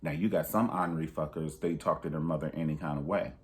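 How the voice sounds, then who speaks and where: Deep-voiced man giving blunt advice. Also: fairly even intonation, quick pace. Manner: emphatic, preachy, direct advice to viewers; pitch jumps high for emphasis. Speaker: vlogger. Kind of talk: candid personal vlog monologue.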